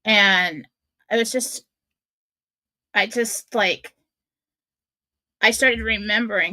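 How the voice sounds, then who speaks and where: Bright, candid woman storyteller. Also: mid-range voice, slow, pauses often, no echo. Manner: candid, self-mocking, acts out her own thoughts. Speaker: radio show host. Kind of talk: personal storytelling monologue.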